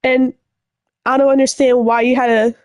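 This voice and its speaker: A woman's voice: high-pitched, level tone, normal speed, no room sound, studio quality. A young woman telling a breakup story to the camera in a rambling, upset way, full of fillers and swearing. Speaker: vlogger. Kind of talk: casual storytime rant.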